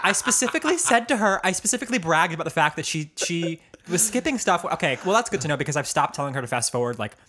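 Lively laughing podcast co-host, a man. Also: on the high side, quick pace, hardly any pauses. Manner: playful, laughs often, swears casually. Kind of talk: casual chat.

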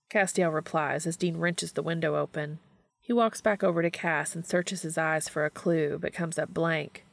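A woman narrating a work of fiction aloud in a steady, unhurried reading voice. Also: on the low side, vocal fry, dry recording, clean studio sound.

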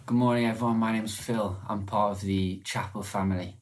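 A man's voice: on the low side, fairly even intonation, brisk. A man preaching a sermon in church, earnest and conversational, with occasional restarts. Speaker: lay preacher.

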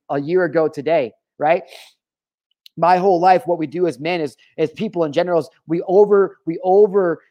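A man's voice: on the high side, a little mellow. A man hosting his own show, talking openly in an emotional confessional monologue, swearing freely. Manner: raw, emotional, heavy swearing. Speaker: podcast host.

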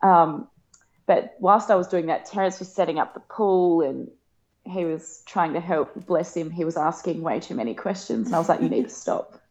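A woman's voice: moderate pace, a little mellow. Emotional woman telling a birth story. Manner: emotional, laughing often, acts out quotes in a higher voice. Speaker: guest. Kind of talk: casual storytelling. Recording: dull lo-fi podcast sound.

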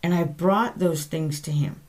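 Slow, low-voiced woman teaching the Bible. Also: darkish tone. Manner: earnest and conversational, corrects herself aloud. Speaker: podcast host teaching the Bible.

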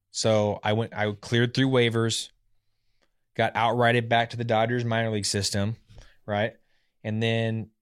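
A former professional pitcher in his thirties, a guest telling his story in a casual, animated way, often acting out what others said. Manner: animated, acts out quotes of others.

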